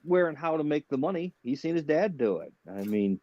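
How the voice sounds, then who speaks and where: Man, animated storyteller, slightly higher voice, dull dry recording. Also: fairly quick, a crowd in the background. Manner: animated storyteller, stammering restarts. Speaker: comedian guest. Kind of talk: casual chat.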